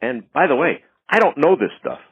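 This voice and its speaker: A man being interviewed as a guest, telling stories in an animated way and acting out quoted lines in a raised voice. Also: a little high, normal speed, husky, no room sound. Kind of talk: anecdotal storytelling. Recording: tinny phone-line audio.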